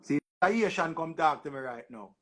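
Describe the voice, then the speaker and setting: A young Jamaican man with a high, bright voice hosts a loose livestream chat. He talks in animated patois and repeats his words as he goes. His tone is lively and casual throughout. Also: a little fast. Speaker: livestream host.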